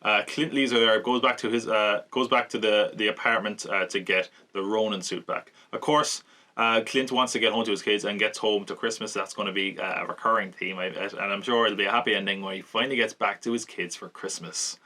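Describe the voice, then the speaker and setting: A man hosting a podcast, casually recapping and reviewing a TV episode, chatty, laughing often and slipping into quick mock voices. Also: fairly low pitch, steady tone, pushed and bright. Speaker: podcast host.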